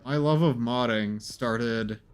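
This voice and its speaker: A man's voice: medium pitch, slow, smooth. Man musing through a gameplay stream. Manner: rambling, hesitant, musing aloud. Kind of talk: casual gameplay commentary.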